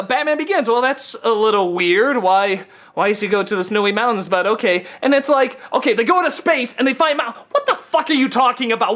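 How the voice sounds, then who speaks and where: A man giving a casual, profane film review rant, stammering and sarcastic, often getting excited. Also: high-pitched. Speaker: film critic.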